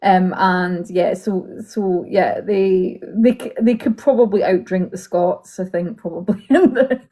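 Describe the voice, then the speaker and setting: A woman guest in a casual online chat on a video call, talking hesitantly with many fillers and soft laughs. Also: mid-range voice, unhurried, poor audio.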